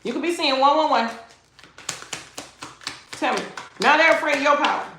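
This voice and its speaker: A woman's voice: sits high, normal speed, vocal fry. A woman giving a livestreamed tarot reading. She is emphatic and slangy and repeats her phrases. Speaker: tarot reader. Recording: echoey room, faint noise.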